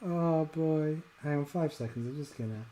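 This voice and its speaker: A woman streaming a video game as a VTuber, chatting in a rambling way and breaking into sudden loud exclamations. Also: deep voice, moderate pace, a little hiss or hum, low-quality recording. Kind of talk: casual live-stream chat while gaming.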